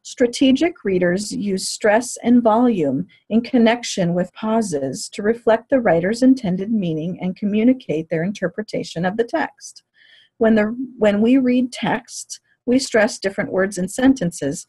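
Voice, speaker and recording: A woman giving a lecture on teaching reading, in a clear, measured, explanatory way. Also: mid-range voice, mellow. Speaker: teacher educator.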